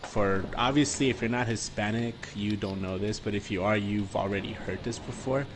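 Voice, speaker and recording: Young man from the border region, lower voice, easygoing storyteller, audible hiss. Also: normal speed. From US-Mexico border region. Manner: relaxed, swears freely, many fillers. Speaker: podcast guest. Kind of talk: casual storytelling chat.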